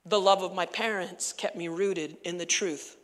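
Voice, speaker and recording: A woman pastor preaching a sermon in a church, animated and conversational with laughing asides. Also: fairly low pitch, moderate pace, in a large hall.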